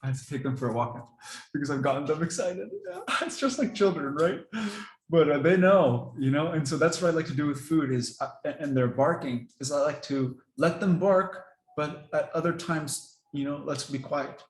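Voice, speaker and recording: Relaxed man in an echoey space. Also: fairly high pitch, normal speed. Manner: relaxed and rambling, laughs often. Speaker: dog owner explaining training. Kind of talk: casual talk to camera.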